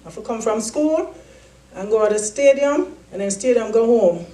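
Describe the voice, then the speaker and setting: Her slightly high voice comes at a normal speed through a distant mic, echoing in a large hall. The keynote speaker tells her motivational story animatedly, acting out the voices of its characters.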